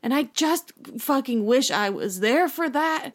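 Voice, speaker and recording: A young woman, co-hosting a casual podcast chat, telling animated stories and swearing freely. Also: sits high, unhurried. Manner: animated storyteller, swears, acts out voices. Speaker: podcast co-host.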